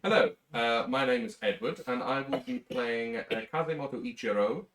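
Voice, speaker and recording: A man's voice: mid-range voice, sing-song, normal speed, gravelly, fairly bright tone. A man playing in a tabletop game, chatting casually with a giggly, teasing manner. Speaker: player. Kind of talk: casual chat among players. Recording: echoey room.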